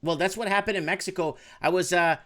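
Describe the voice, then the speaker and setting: A man hosts a casual talk show, his voice sitting a little higher than most men's. He wanders through long anecdotes and keeps stopping to restart his sentences. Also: steady tone, fast, a bit bright. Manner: rambling anecdotes, many fillers and restarts. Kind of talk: casual chat.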